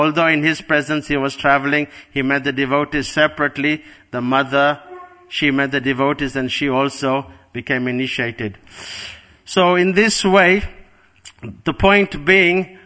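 Middle-aged guy giving a spiritual class, kinda high bright voice, earnest, tells stories and says things twice for emphasis. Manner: earnest storyteller, repeats words for emphasis. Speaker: spiritual teacher. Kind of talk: devotional class with storytelling.

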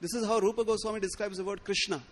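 A man giving a sermon, acting out the quoted lines with stammered restarts. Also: very fast. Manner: expressive, acts out quoted lines with rising pitch and stammered restarts. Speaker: speaker giving a scriptural discourse.

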